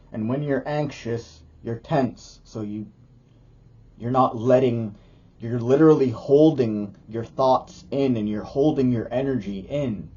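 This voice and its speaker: A man's voice: mid-range voice, dark tone, breathy edge, highs cut off. A man who teaches yoga and makes videos talks casually to the camera in a loose, rambling way, often restarting his sentences.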